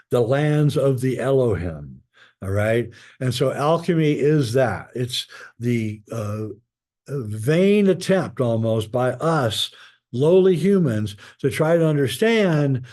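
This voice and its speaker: A man, a guest author, talking in a rambling, casual way with many pauses and fillers while telling stories. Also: mid-range voice, dark tone. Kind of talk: casual spoken storytelling.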